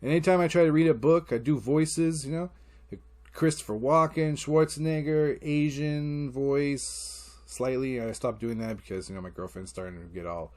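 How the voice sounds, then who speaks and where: A man's voice: on the high side, normal speed, a little mellow. A man hosting a casual solo podcast, telling rambling parenting stories, acting out quotes and swearing freely. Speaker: podcast host.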